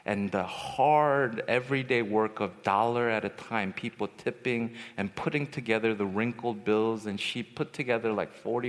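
A man's voice: on the low side, moderate pace. A young man preaching at a youth retreat, telling personal stories and acting out the voices in them. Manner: animated storyteller, acts out voices. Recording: long hall reverb.

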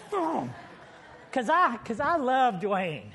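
High-voiced, lively storytelling male pastor. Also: a little slow. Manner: lively storytelling preacher with humor. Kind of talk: sermon.

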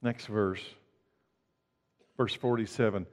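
A man preaching a sermon as pastor, emphatic and swinging from loud declarations to hushed lines. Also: medium pitch, lively intonation, a little slow, long reverb tail.

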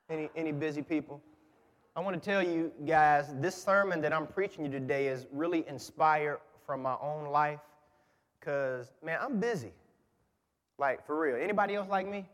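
Lively, joking preacher in a big church. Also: male voice, a little high. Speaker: guest preacher. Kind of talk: sermon. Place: large church. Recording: church with long reverb. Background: congregation.

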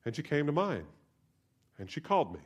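A male pastor preaching a sermon, telling a personal story and swinging from soft, hushed asides to loud, emphatic preaching. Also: on the high side, big pitch swings, a little fast.

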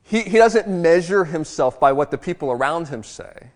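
A man gives a sermon in a lively, conversational way, with the occasional self-deprecating aside. His voice sits a little high for a man, and a long reverb trails every phrase in the church sanctuary. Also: moderate pace. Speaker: pastor.

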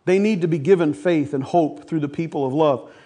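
A man's voice: on the high side, a little fast, warm tone. A man preaching a sermon to his church, folksy, calling the congregation folks and asking for amens. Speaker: pastor.

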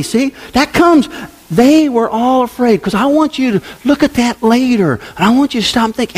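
A man preaching a sermon to his congregation, with conversational asides, dropping to low murmurs and rising to loud exclamations. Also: slightly rough. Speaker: pastor.

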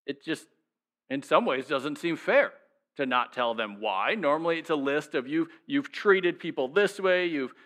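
A man's voice: a little high, fairly bright tone. A male pastor preaching a sermon in a conversational way, asking the congregation many rhetorical questions.

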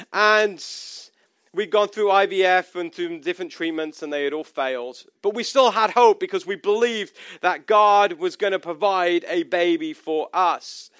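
High-voiced man preaching a sermon. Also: a bit bright, clear, resonant tone, no room sound, studio quality. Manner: personal, conversational preaching with restarts. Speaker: pastor.

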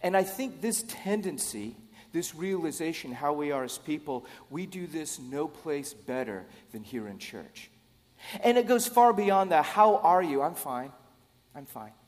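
Middle-aged guy preaching, kinda high voice, chatty and stumbles on starts, big church reverb. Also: sing-song, unhurried, darkish tone. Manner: conversational, repeats words when starting phrases. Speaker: pastor. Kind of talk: sermon.

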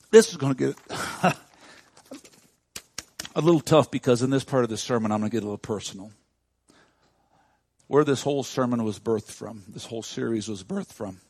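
A man preaching a sermon as a pastor, moving from quiet, close talk to loud, shouted preaching. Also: mid-range voice, vocal fry, slightly rough, no room sound. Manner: swings from hushed intimacy to loud shouting preaching. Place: church.

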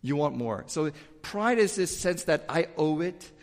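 A male pastor preaching a sermon in a church, talking in an animated, emphatic way and sometimes repeating words in a rush. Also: a little high, unhurried, in a large hall. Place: church sanctuary with pews.

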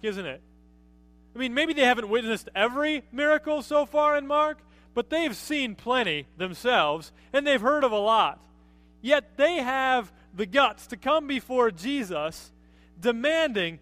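A man's voice: very high voice, a bit bright. A man preaching a conversational sermon as pastor, often asking his listeners rhetorical questions.

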